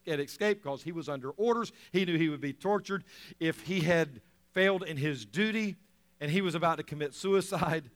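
A man preaching a sermon, swinging between loud emphatic lines and soft quiet ones, with chuckles between points. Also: a little high, a little fast. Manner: animated preaching, rising loud then dropping soft. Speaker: pastor.

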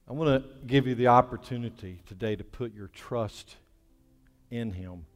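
A male pastor delivering an impassioned sermon in a church, swinging between loud preaching and a hushed, soft voice. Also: medium pitch, moderate pace. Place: church sanctuary. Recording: long hall reverb with faint music.

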